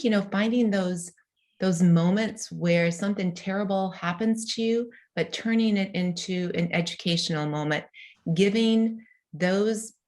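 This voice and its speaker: A woman interviewed as an author, telling a family story earnestly, her voice rising and slowing when moved. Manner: earnest, rises high and slows when moved. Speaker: guest author and mother.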